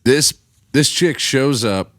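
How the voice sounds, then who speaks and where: A man's voice: mid-range voice, slow pace, a bit bright, no echo, soft background music. A man telling a long story in a casual podcast chat, swearing freely and acting out the voices of the people he quotes. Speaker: podcast guest musician.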